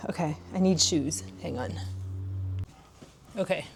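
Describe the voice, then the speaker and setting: A woman's voice: low voice, slow, vocal fry, darkish tone, a little hiss or hum. A young woman chatting casually in a home vlog, rambling and laughing often. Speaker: vlogger. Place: home room.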